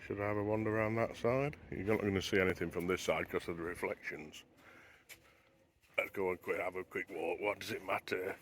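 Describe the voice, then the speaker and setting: Walking along a beach at sunrise with a handheld camera, a man narrates casually and muses as he goes. His low, steady voice is fairly quick and a bit bright, with a little hiss or hum.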